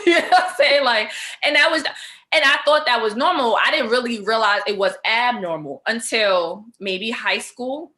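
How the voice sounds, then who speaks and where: A woman hosting a podcast, telling personal stories in a casual, animated way with lots of slang and laughter. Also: on the high side, fairly quick. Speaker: podcast host. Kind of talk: casual chat.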